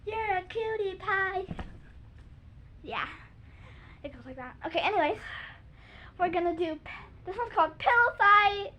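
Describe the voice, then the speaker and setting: A young girl with a very high voice chats loosely to her viewers, stuffing her sentences with "like" and slipping into silly sung snippets. The recording is dull and lo-fi, as if made at home. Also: expressive, moderate pace, pauses often, a little hiss or hum. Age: child. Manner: chatty, giggly, lots of "like", sings silly bits. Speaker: kids' video host. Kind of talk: casual chat showing jump tricks.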